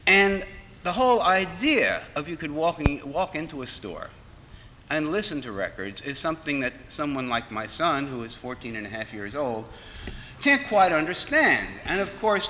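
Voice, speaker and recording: A middle-aged man, reminiscing in an unhurried lecture and pausing on frequent "uh" fillers. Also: on the high side, sharp tone. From New York. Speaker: speaker on record collecting. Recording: long hall reverb.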